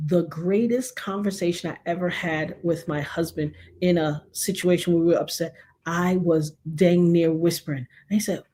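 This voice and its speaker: A middle-aged woman hosting a live talk show, giving emphatic, folksy relationship advice to her chat and now and then dropping to a near hush. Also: lowish voice, fairly even intonation, normal speed. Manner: emphatic, preachy, folksy, drops to a hush for effect. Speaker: livestream talk show host.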